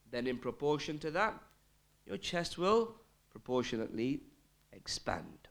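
Male lecturer, slightly high voice, emphatic sermon delivery. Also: big pitch swings, a little slow, gravelly, bright, forceful tone. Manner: emphatic, rising and falling delivery, quotes Arabic texts. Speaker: Islamic lecturer. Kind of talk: religious lecture.

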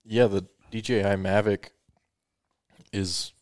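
A man with a notably low voice talks casually as co-host of a live stream. He explains things patiently and teases his partner. The recording is close and dry. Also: fairly even intonation, slow, a little mellow, no room sound. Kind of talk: casual chat.

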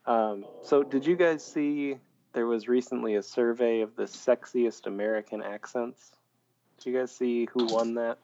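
Man, gravelly voice, mid pitch, muffled lo-fi audio, wry podcast banter. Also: moderate pace, dark tone, a little hiss or hum. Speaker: podcast co-host. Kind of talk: casual chat.

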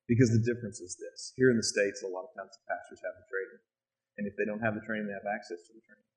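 A man working as a missionary, telling earnest, animated stories to an interviewer. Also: fairly low pitch, very fast, poor audio. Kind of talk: speaking to an interviewer.

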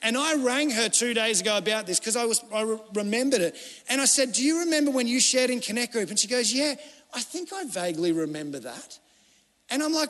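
Man, pastor, very high voice, chatty storytelling sermon, long church reverb. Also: animated, fairly quick, a bit bright. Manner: conversational storytelling preaching, acting out quoted voices.

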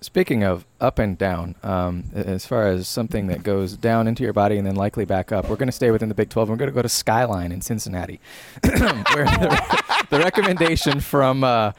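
A man's voice: fairly low pitch, very animated, brisk, few pauses, a little hiss or hum. A man co-hosting a podcast in casual chat, rambling through a story. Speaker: podcast co-host.

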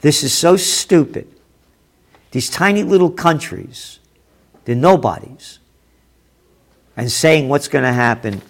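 A man's voice: fairly high pitch, expressive, slow, creaky, pauses often. A man hosting a show, reading news headlines aloud and commenting with sarcastic, profane asides that turn heated. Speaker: host.

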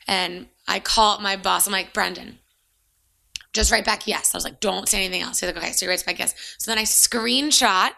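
Gravelly, bright-voiced young woman storyteller. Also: mid-range voice, fairly quick. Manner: animated storyteller, acts out quotes, says "like" often. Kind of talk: casual chat, storytelling.

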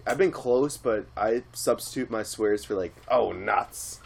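A man chats loosely on a podcast, often breaking into laughter between quick, rambling lines. His voice sits at a middle pitch. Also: noisy background. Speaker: podcast co-host; teacher. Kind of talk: casual chat.

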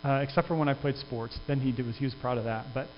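A man's voice: mid-range voice, fairly even intonation, quick pace. A man preaching a sermon as pastor, in an earnest, conversational way with frequent restarts. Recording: dull sound with long reverb and faint hum.

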